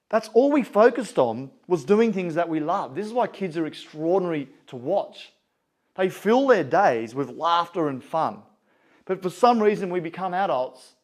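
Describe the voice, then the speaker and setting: A man speaking with earnest conviction and a storyteller's ease. His voice sits a touch higher than most men's. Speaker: motivational speaker. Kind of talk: motivational talk.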